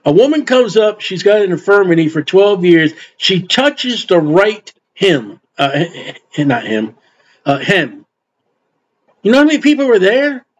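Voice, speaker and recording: A man's voice: high voice, very animated, a little slow. An older man preaching an informal Bible sermon in a folksy way, acting out quotes and adding asides. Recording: dull lo-fi recording.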